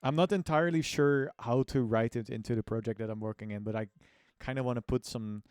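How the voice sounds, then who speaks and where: A man's voice: medium pitch, fairly even intonation, brisk, darkish tone, smooth, dry recording, clean studio sound. A man streaming live and chatting casually, rambling along with plenty of self-mockery and offhand swearing.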